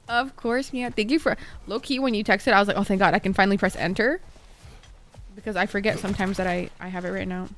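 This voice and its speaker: A woman's voice: mid-range voice, steady tone, fast. A young woman streaming a video game, chatting playfully with viewers and swearing freely. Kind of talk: casual gaming commentary.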